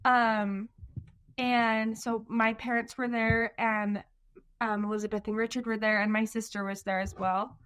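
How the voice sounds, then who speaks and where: Telling her own birth story as a guest on an interview show, a woman in her twenties gets tearful at times, peppering her words with "um" and "like" and quoting others. Her smooth voice is a little high and a bit bright, with little pitch movement and a slightly slow pace.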